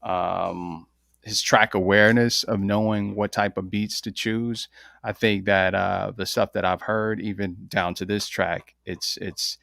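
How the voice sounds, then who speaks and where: Raspy easygoing male co-host. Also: lowish voice, fairly even intonation, measured pace, fairly bright tone, no echo, clean studio sound. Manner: easygoing, repeats words while searching for them. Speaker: co-host reviewing songs. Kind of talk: casual review chat.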